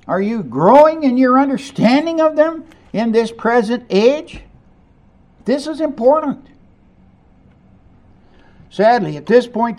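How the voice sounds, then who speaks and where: A man preaching with a high, lively voice that rises and falls widely. He takes his time and swings from quiet, hushed lines to emphatic ones, and he keeps putting questions to the congregation. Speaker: pastor. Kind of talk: sermon.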